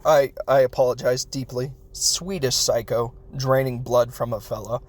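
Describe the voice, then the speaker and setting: A man's voice: medium pitch, fairly even intonation, normal speed. A man hosting a podcast, recapping a film in a rambling, self-interrupting way and laughing as he talks. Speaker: podcast host reviewing a film. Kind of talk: casual comedic film recap.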